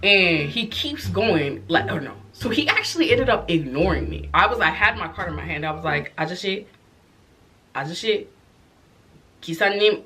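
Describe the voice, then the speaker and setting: Animated woman telling a storytime tale. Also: on the low side, normal speed, few pauses, music in the background. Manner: animated, expressive storytelling with profanity and asides. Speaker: vlogger. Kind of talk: casual storytime.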